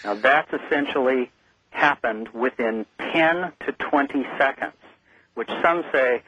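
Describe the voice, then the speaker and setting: This radio guest phones in and recounts his story in an earnest, vivid manner, the telephone line sounding muffled. He speaks unhurriedly at a medium pitch, his tone pushed and bright with a breathy edge.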